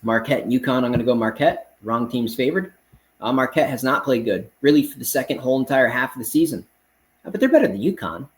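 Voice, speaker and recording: A man's voice: mid-range voice, expressive, quick pace, low-quality recording. A man hosting a casual betting picks show, running through games in a confident, blunt, brash way and often calling his listeners man. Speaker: sports betting picks host. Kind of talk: casual rapid-fire betting picks monologue.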